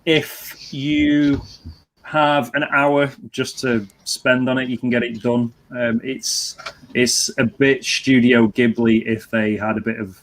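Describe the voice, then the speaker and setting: A man's voice: mid-range voice, steady tone, slow pace. A man co-hosting a gaming stream, chatting about games in an easygoing, jokey way. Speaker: stream co-host. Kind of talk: casual chat.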